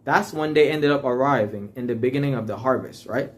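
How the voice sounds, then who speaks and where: A man leading a casual Bible study. He reads verses aloud in a raised voice, then explains them in relaxed slang and often checks in with "all right?". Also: mid-range voice, fairly quick. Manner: checks in with listeners with frequent "all right?" tags. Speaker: Bible teacher.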